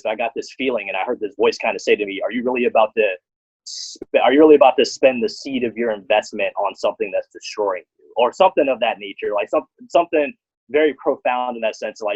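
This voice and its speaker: A man with a husky, fairly low voice hosts a relaxed talk. He rambles through a story and voices the other people in it. The recording sounds dull and dry. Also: no echo. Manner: rambling storyteller, acts out dialogue. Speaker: podcast host. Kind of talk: casual conversation.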